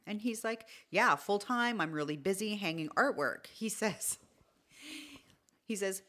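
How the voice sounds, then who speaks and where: A middle-aged woman co-hosting a podcast, telling a story in casual chat and acting out the quoted lines with lively energy. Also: medium pitch, a little slow. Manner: animated, acts out quoted dialogue. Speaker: podcast co-host.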